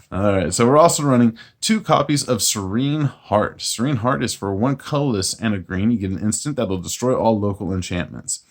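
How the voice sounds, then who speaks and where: Low-voiced man explaining a card deck. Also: normal speed. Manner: relaxed, plain-spoken, self-mocking jokes. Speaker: channel host reviewing a card game deck. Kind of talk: casual deck walkthrough.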